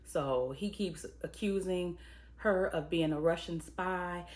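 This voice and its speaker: Low-voiced woman recapping a TV episode. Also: takes it slowly, darkish tone. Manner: chatty and conversational, with frequent "um" and "you know"; analytical, weighing craft choices. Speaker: TV episode reviewer, screenwriter and producer. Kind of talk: casual spoken episode recap and commentary.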